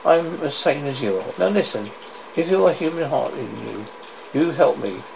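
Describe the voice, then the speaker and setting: A man's voice: on the high side, expressive, moderate pace, vocal fry. A man doing a feverish haunted invalid. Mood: urgent. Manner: pleading, frantic, broken repetitions. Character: feverish, desperate bedridden man haunted by his dead wife. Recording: dull lo-fi noisy recording.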